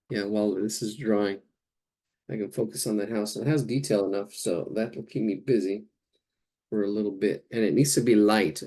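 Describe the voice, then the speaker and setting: A man's voice: on the low side, mellow. A man teaching a live painting class, thinking aloud as he works and searching for words. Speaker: art instructor.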